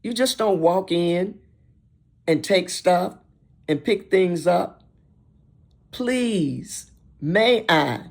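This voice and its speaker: An older woman hosting an inspirational talk show, speaking emphatically and repeating and listing words in a steady rhythm. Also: lowish voice, slow, gravelly, long pauses. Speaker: host.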